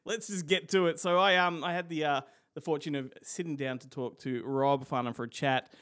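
A chatty man co-hosting a podcast in relaxed banter. His voice sits a little high, and he laughs easily. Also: fairly quick, clear, resonant tone. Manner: laughs often, chatty and teasing. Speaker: podcast co-host. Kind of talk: casual banter.

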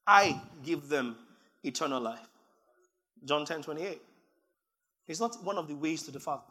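A man preaching a sermon, reading scripture aloud and building from calm teaching to emphatic shouting. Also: fairly high pitch, moderate pace.

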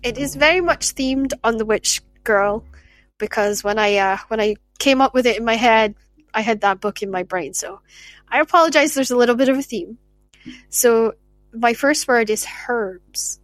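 Woman podcast host, raised pitch, dry close sound, chatty and effusive. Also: moderate pace, no room sound. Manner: chatty, effusive, laughs easily. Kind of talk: casual interview chat.

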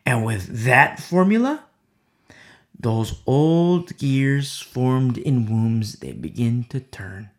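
A male preacher delivering a dramatic sermon, swinging from loud declarations to hushed whispers. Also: mid-range voice, lively intonation, slow.

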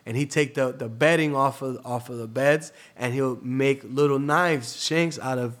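Young man, Florida guest, casual street talk, plenty of swearing, mid-pitched voice. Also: moderate pace, a bit bright. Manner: streetwise, swears freely, says "bro" often. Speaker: podcast guest, DJ. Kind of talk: casual storytelling interview.

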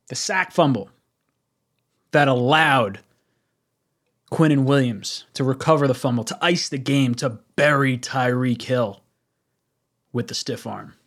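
A young man hosting a casual fan livestream, excitable, laughing often and reading chat messages aloud. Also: a little high. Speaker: livestream host.

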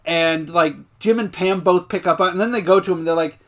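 Guy cohosting a rewatch podcast, pretty high voice, keeps laughing and doing the characters' lines. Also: a bit bright. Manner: laughs often, retells scenes in quick quoted voices. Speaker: podcast co-host. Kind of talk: casual chat recapping TV episodes.

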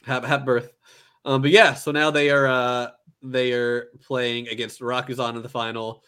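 A man talking casually on a podcast, walking a friend through an anime story with plenty of "like" and "uh". He stumbles, restarts and corrects himself as he goes, at an ordinary mid pitch. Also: little pitch movement, moderate pace, fairly bright tone, clean tone. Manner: rambling retelling, filler-heavy, many restarts. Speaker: podcast co-host. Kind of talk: casual anime recap chat.

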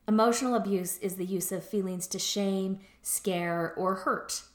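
A woman's voice: medium pitch, steady tone, a little slow, reverberant. A middle-aged woman therapist who explains in a casual lecture, often checking in with "right?" and "like". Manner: conversational, explains with frequent "right?" and "like".

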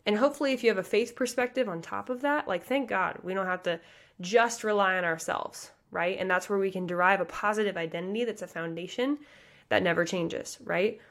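A woman in her early thirties from the American Midwest hosts a motivational podcast. She talks fast and passionately, full of casual asides and direct address to her listeners, in a mid-range voice. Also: medium pitch, a bit bright. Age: 30s. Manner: passionate, fast, chatty with many likes and you guys. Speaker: pageant coach and podcast host.

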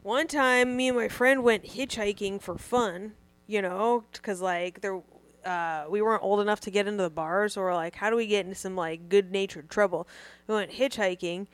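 A young woman co-hosting a comedy podcast, telling a wild story in a profane, animated way. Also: medium pitch, moderate pace, no echo. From Southern California. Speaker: podcast co-host. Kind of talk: casual comedy podcast chat.

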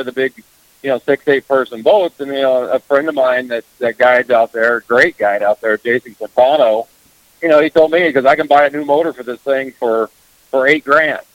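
A man's voice: medium pitch, no echo, lo-fi sound. A man chatting casually as a guest about fishing on the radio, rambling with lots of filler words. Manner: rambling, heavy on "you know" fillers.

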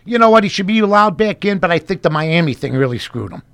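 A man's voice: sits high, expressive, fast talker, fairly bright tone, clean tone. A man from Chicago, a guest in a casual chat, telling rambling stories full of "you know, I mean" asides.

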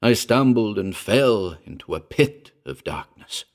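A man with a very deep voice reads a first-person horror story aloud. His tone is grave and measured, with a gravelly texture running through his low notes. He paces the tale slowly and keeps it dark and serious. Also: animated. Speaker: narrator. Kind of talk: dramatic horror story reading.

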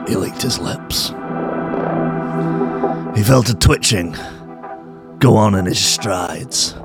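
A man voicing a mock-sultry male erotica narrator in a thick Northern English accent, reading slowly and lingeringly. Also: lowish voice, vocal fry. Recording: loud music playing underneath.

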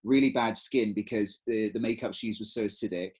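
A man co-hosting a podcast, chatting casually and spinning animated, rambling stories. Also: on the low side, brisk, slightly rough. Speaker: podcast co-host. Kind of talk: casual chat.

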